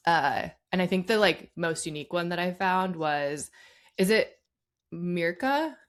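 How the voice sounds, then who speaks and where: A woman's voice: fairly low pitch, expressive, unhurried. A woman co-hosting a sports podcast, talking casually with lots of fillers. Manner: chatty, many "like" fillers. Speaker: podcast co-host.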